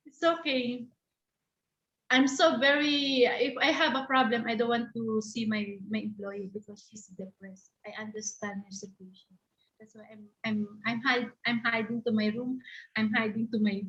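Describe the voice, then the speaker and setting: A woman from the Philippines, a caregiver sharing her experience in halting, repetitive English. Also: a little high, a bit bright, echoey room, dull audio. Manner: halting, repetitive, searching for words. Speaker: caregiver and panel guest. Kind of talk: personal testimony in a discussion.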